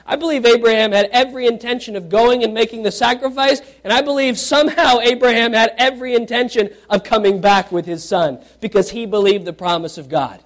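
Pitched extremely high, a man preaches fairly quickly with hardly any pauses, reading scripture and questioning his congregation. He shifts from loud, animated questions to hushed emphasis.

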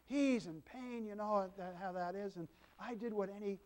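An older man, a grandfather and pastor, delivers a sermon in a high voice at a moderate pace. He tells homely stories in a folksy style, tossing asides to the congregation.

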